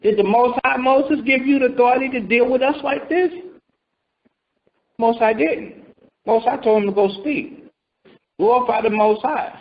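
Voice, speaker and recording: Brief: male preacher, high register, teaching scripture conversationally with rhetorical questions, muffled recording. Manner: rhetorical questions, acts out voices. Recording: dull lo-fi recording.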